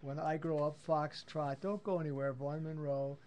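A man's voice: fairly high pitch, fairly even intonation, moderate pace, darkish tone, slight background noise. Playful older man hosting radio. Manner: playful, calls people baby and darling. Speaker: radio talk show host. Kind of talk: casual live radio chat. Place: radio studio.

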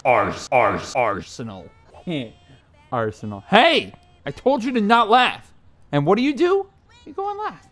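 A young man doing casual, profane commentary while playing a video game, excitable and yelling at the game. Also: extremely high pitch. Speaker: gameplay commentator. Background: game music.

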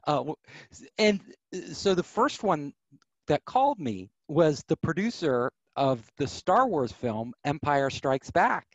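Animated middle-aged man telling stories. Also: fairly high pitch, a little slow, no echo, dull audio. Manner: animated, acts out quoted voices. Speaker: podcast guest. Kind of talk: storytelling interview.

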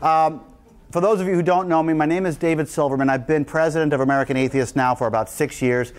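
A man giving an energetic, emphatic public lecture as the guest speaker to a live audience in a lecture room. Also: on the high side, fast.

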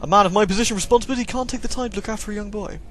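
A man's voice: sits high, very fast, slight background noise, voice pushed up, natural voice. A man voicing a stern, aristocratic father who speaks formally and dismissively. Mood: cold.

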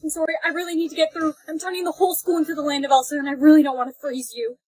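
A young woman acting out comedy skits, dramatic and whiny, mocking and quick to shriek. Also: sits high, flat delivery, darkish tone, no echo, poor audio. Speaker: skit creator. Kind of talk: comic POV skit acting.

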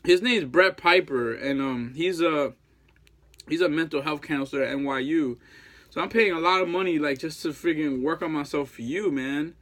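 A man in his thirties with a noticeably high voice pleads in a long rambling monologue. He circles back on himself with constant fillers and casual, profane slang, like a jilted ex talking straight to the camera. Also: normal speed, fairly bright tone. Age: 30s. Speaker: jilted ex-boyfriend.

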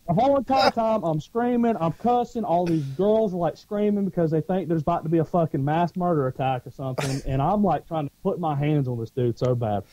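A former Marine co-hosting a podcast, telling stories in a profane, animated way and acting out the shouting. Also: male voice, on the high side, fairly quick, dry recording. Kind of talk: casual storytelling chat. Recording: dull lo-fi dry sound.

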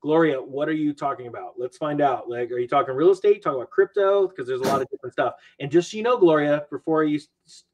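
A man who is a finance video maker, chatting casually as a podcast guest with animated, self-mocking storytelling. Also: fairly high pitch, quick pace, hardly any pauses, poor audio.

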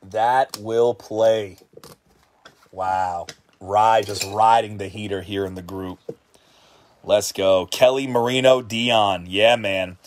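A man hosting a card-opening livestream, talking at a slow, drawn-out pace as he reads off player names. His commentary is casual and excitable, swinging up into shouts when a big card turns up. He sounds worn out and hungry late in a long session. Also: on the low side. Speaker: host of a card-breaking livestream.

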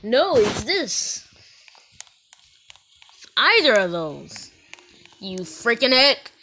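Woman, gaming host, casual play-by-play. Higher voice, unhurried delivery, giggly and playful. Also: sing-song, pushed and bright. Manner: playful and giggly, with silly outbursts. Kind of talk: casual gameplay commentary.

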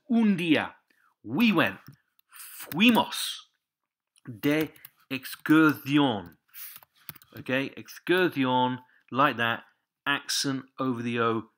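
A man's voice: mid-range voice, pushed and bright. A man giving a patient Spanish lesson, repeating each word and pointing out the accents again and again. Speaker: Spanish teacher. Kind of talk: step-by-step language lesson.

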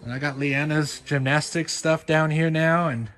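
A man's voice: fairly high pitch, steady tone, normal speed, fairly bright tone. A man in his thirties, a dad hosting a family vlog, venting in an exasperated, rambling way full of fillers, filmed on a handheld camera at home. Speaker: dad and family channel host. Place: family home, office and basement.

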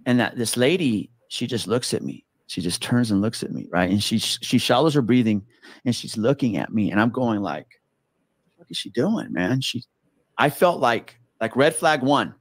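A man's voice: medium pitch, moderate pace, no room sound. Man telling a cop story. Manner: animated, swearing, acts out quotes with gasps and whispers. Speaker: former police officer telling a story. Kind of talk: casual storytelling.

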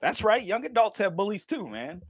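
A man in his thirties hosts a casual livestream, joking and laughing between lines. His pitch swings widely and sits a little high for a man. The sound is dry and close with no room around it. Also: sing-song, moderate pace, husky, dry recording. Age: 30s. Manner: laid-back, joking, laughs often, swears casually. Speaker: livestream vlogger.

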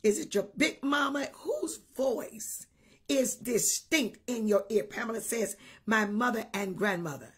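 A woman preaching a livestream sermon with a very husky, breathy voice that sits a little high. She repeats her points with emphasis, tosses in hallelujahs and calls out viewers by name. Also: a little slow. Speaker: bishop preaching.

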